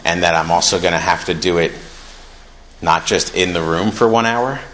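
A young man with a very deep voice gives an earnest, conversational share at a recovery meeting. His tone is bright and forceful, and he moves from reading passages aloud to reflecting on them. A faint hiss of noise sits under the recording. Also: normal speed, low-quality recording.

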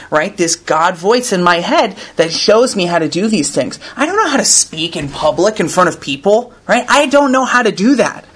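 A man's voice: sits high, a bit bright. A man reading aloud and commenting to a recovery group, in an earnest, conversational way, often ending thoughts with "right?". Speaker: recovery meeting speaker.

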